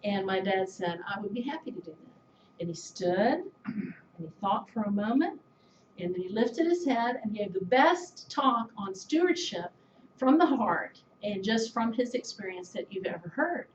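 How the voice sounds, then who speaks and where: A middle-aged woman giving an anecdotal tribute speech, telling stories in a measured way with soft laughs. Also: mid-range voice, expressive, a little hiss or hum. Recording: echoey, slightly dull room recording.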